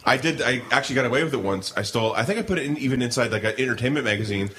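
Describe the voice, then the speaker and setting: A man's voice: mid-range voice, very fast, slight background noise. A man co-hosting a casual comedy podcast, telling stories animatedly, acting out voices and laughing often. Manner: animated storyteller who acts out voices, laughs a lot. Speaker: podcast co-host.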